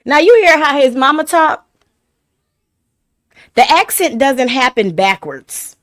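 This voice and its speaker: A woman's voice: high-pitched, lively intonation, slow pace, a bit bright. A woman reacting to a video, mocking and laughing in sassy asides. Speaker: reaction commentator. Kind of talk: reaction commentary.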